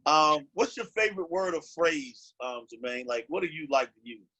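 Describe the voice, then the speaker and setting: A man's voice: on the high side, expressive, moderate pace, sharp tone, husky, dull audio. A man hosting an interview, asking questions casually and encouragingly. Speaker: podcast host.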